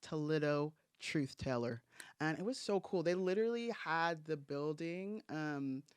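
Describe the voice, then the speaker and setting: A woman's voice: sits low, lively intonation, a little slow, clear, resonant tone, dry recording, studio quality. A young woman in her twenties hosting a casual podcast chat, bubbly and full of slang, laughing easily. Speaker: podcast host.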